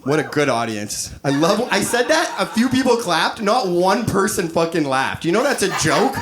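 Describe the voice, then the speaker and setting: A man in his thirties performing a crude, animated stand-up comedy set on a club stage, acting out quoted voices. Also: high voice, normal speed, background noise. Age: 30s. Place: comedy club stage before a laughing audience.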